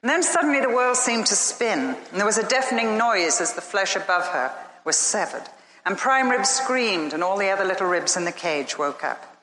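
A woman preacher giving a sermon and telling a story, earnest and emphatic with slow, dramatic pauses. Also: medium pitch, lively intonation, a bit bright, a little hiss or hum. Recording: echoey hall.

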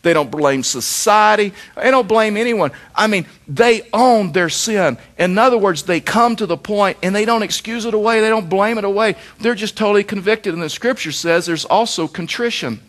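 A man's voice: high-pitched, normal speed, hardly any pauses, fairly bright tone. A middle-aged man pastor preaching a sermon, with emphatic repetition and rhetorical questions.

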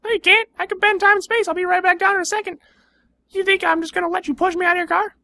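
A man voicing a cocky male space alien in a shrill, squeaky, taunting voice. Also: little pitch movement, fast talker, gravelly, sharp tone, dry recording, heavily acted. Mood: defiant. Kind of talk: comedy podcast banter.

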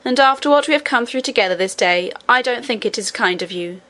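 A woman voicing a young miner boy who sounds gruff, offended and sulky. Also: fairly high pitch, animated, fairly quick, bright, forceful tone.

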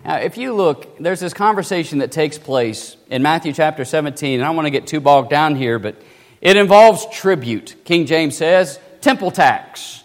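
A man preaching a sermon, emphatic, dropping to a hush and then rising loud, slowing down on key words. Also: on the high side, expressive. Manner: emphatic, swings between loud and hushed, slows for stress. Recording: long hall reverb.

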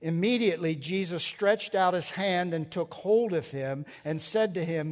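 A man's voice: sits high, moderate pace, hardly any pauses, in a large hall. A man preaching a sermon, reading scripture and explaining its grammar, building to emphatic peaks. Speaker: pastor.

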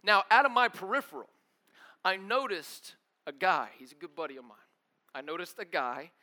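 A young man preaching a sermon as a story, acting out the dialogue in an animated way. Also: high voice, moderate pace. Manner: animated, acts out dialogue, laughs often.

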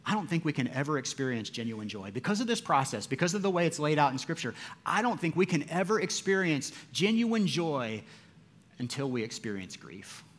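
A man delivering a sermon in a slightly high voice. He swings from loud, urgent passages to soft, hushed ones. Between points he drops into easy, chatty asides to the room. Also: sing-song, brisk. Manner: dynamic preaching, rising loud for quoted cries and dropping soft for grief; conversational asides to the congregation. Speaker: pastor.

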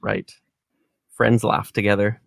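A man co-hosting a podcast in relaxed casual chat, chuckling often. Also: fairly low pitch, takes it slowly, creaky, no room sound, studio quality. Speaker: podcast co-host.

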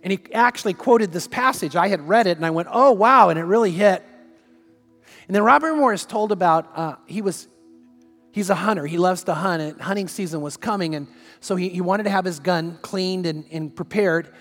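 A man's voice: high-pitched, fairly quick, a bit bright, long reverb tail, faint music behind. A man preaching as pastor, telling stories conversationally and asking repeated rhetorical questions. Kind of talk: sermon.

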